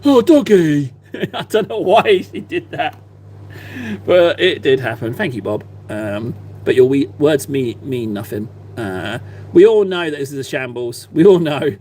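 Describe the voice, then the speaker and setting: A man's voice: mid-range voice, animated, measured pace, darkish tone, a little hiss or hum. A man in his thirties chatting casually on a live stream while he paints, rambling and self-deprecating.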